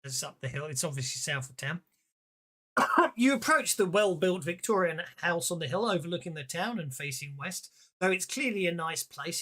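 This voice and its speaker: A man narrating a tabletop game as game master, chatty and halting, with many fillers. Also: a little high, expressive, a bit bright.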